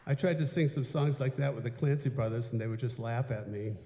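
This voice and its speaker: Older American man, mellow and rambling, telling a story from a reverberant stage. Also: mid-range voice, a little fast, a little hiss or hum. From United States. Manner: chatty, meandering, with many fillers and restarts. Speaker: folk performer telling stories between songs. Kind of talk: rambling onstage anecdote. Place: church sanctuary, live concert. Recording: roomy live sound in a hall.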